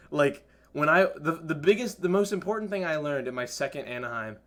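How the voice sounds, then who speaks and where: A young man hosting a podcast, telling stories in an animated, casual way and laughing often. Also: fairly high pitch, fairly quick. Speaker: podcast host. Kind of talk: casual chat.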